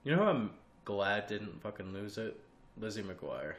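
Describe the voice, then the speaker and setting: A man's voice: lowish voice, big pitch swings, normal speed. A young man co-hosting a podcast, chatting in a laid-back, mumbling way and swearing. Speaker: podcast co-host. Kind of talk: casual chat. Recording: echoey room with faint noise.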